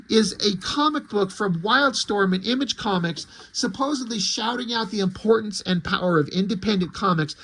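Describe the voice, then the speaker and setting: A man's voice: high-pitched, normal speed, few pauses, fairly bright tone, a little hiss or hum. A man reviewing a comic in a casual vlog, ranting in disbelief and swearing freely. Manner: incredulous, profane ranting.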